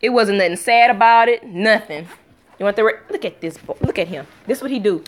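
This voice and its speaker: A woman casually telling a storytime vlog at home, acting out quotes with sudden pitch jumps and breaking off to talk to her young children. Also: a little fast, a little hiss or hum. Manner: talks to her toddlers between story bits. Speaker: vlogger.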